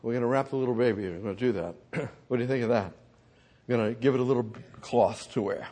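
A man preaching a sermon, swinging from loud, booming declarations to hushed asides and addressing God directly. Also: fast.

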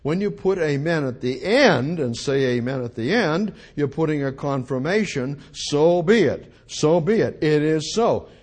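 Emphatic husky preacher man. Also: fairly high pitch, expressive, measured pace, few pauses. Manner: emphatic, repeating phrases, swinging from loud to quiet. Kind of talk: expository sermon.

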